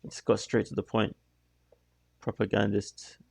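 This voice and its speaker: A man with a low, gravelly voice talks through a music video in a casual reaction style. He muses out loud, starts and restarts his thoughts, and slips in apologetic asides. The sound is dry and close, with no room echo. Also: monotone, a little slow.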